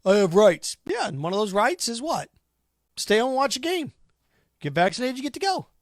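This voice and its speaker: A man with a high, bright-pitched voice rants through a sports talk monologue, combative and sarcastic. He fires rhetorical questions and scoffs at his critics. The sound is dry and close. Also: huge pitch swings, brisk, no room sound. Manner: combative, sarcastic, mocks imagined callers in put-on voices. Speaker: sports radio host.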